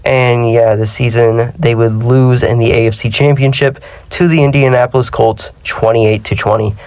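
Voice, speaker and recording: With a steady, slightly mellow mid-range voice at a moderate pace, a young man casually commentates a football sim for his gaming channel. Feeling slightly sick, he's chatty and self-deprecating and often trips over his words. There's no echo.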